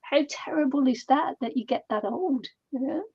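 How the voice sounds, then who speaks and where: A middle-aged woman co-hosting a casual crafting chat, talking haltingly with many fillers. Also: high-pitched, gravelly, no echo. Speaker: co-host. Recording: dull lo-fi sound.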